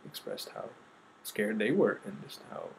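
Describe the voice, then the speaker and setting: A man earnestly telling a personal story, acting out quotes and trailing off into soft asides. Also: lowish voice, huge pitch swings, measured pace, creaky, a little hiss or hum, rough recording. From United States. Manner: earnest, quoting others with shifts of voice, trailing off softly.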